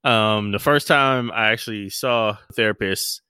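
A male podcast co-host makes joking asides in casual chat, his bright voice on the low side. He talks at a normal speed with a clear, resonant tone, in a clean studio recording without echo.

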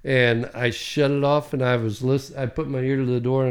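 A man who works as a school janitor, telling a story in halting bursts and often dropping to a quiet voice. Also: mid-range voice, fairly even intonation, smooth. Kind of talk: casual storytelling.

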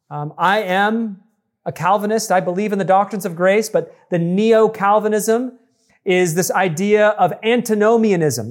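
High-voiced man preaching a sermon. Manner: teaching, emphatic, addresses congregation directly. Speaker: pastor. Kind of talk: expository sermon.

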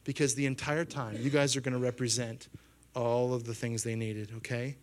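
A man in his thirties preaches a sermon with an animated delivery. He steps into quoted voices in a raised pitch, then drops back to his own mid-range voice. He keeps checking in with his listeners through quick questions. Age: 30s. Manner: asks the congregation questions. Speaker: pastor.

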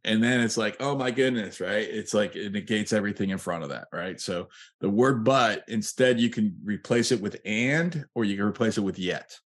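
Low-voiced male coach, animated, acts out pitches. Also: normal speed. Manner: animated, acts out sample sales lines; laughs at his own examples. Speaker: real estate coach and podcast host. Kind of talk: coaching talk to agents.

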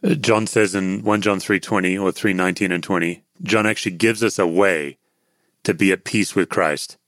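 A man's voice: low voice, steady tone, moderate pace, fairly bright tone, dry recording, studio quality. An Australian man, a podcast guest and author, answering interview questions in an earnest, reflective, pastoral way.

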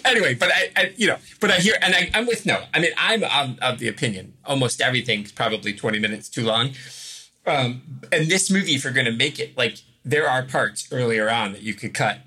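A man's voice: medium pitch, animated, fairly quick, sharp tone, husky. A man co-hosting a casual movie review podcast, wry and teasing, stammering as he restarts his sentences. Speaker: podcast co-host.

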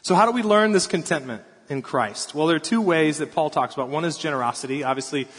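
A man in his thirties preaching a sermon as pastor, telling stories about his kids in an animated way. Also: on the high side, fast, husky. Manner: storytelling, animated, acts out crying kids. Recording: long hall reverb.

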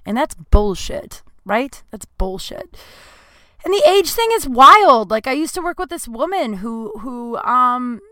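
A woman's voice: fairly high pitch, big pitch swings, a little slow, pushed and bright, dry recording. Flustered, rambling woman in her late thirties. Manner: rambling, flustered, swears freely. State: nervous. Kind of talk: casual confessional monologue.

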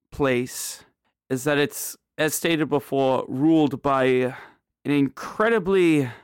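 A man narrating a tabletop game as game master in a relaxed, halting way with many fillers. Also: mid-range voice, clear, resonant tone, dry recording, studio quality.

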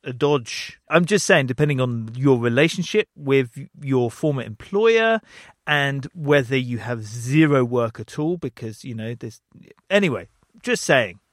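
A man's voice: mid-range voice, animated, measured pace, no echo, studio quality. A man co-hosting a podcast in a chatty, jokey way. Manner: chatty, jokey, with playful put-on voices. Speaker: podcast co-host. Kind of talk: casual podcast chat.

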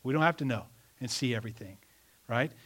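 A man preaching a sermon in an animated, conversational way, asking the congregation rhetorical questions. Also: mid-range voice, quick pace, husky. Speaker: pastor.

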